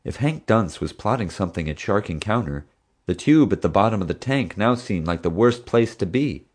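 Low male narrator, steady scripted read. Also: moderate pace. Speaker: audiobook narrator.

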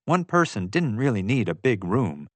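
Low-voiced man narrating an audiobook. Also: very animated, normal speed, dry recording. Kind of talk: scripted first-person narration.

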